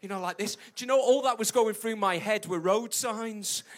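British man, preacher, high voice, emphatic, repeats points, joking asides. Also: moderate pace. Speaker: pastor. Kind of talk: sermon.

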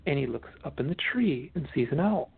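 A man, a guest author, telling stories in a casual interview, animated and often restarting his sentences, heard over a phone line. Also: on the high side, brisk, creaky, breathy edge. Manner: animated storyteller, restarts a lot. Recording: tinny dry phone line.

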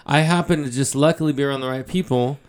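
A man hosting a casual podcast, excitable and swearing when he is surprised. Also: medium pitch, fast, clean tone. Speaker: podcast host.

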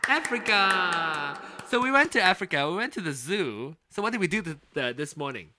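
A woman co-hosting a casual chat show, an animated storyteller who laughs often. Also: on the low side, normal speed, background noise. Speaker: podcast co-host.

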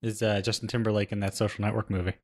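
A man co-hosting a podcast in casual chat, tossing out wry, deadpan joking questions. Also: on the low side, very fast. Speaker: podcast co-host.

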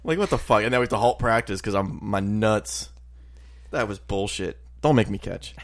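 A young man co-hosting a podcast in casual chat, an animated storyteller who swears often and shouts his impressions. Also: fairly low pitch, normal speed. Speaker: podcast co-host.

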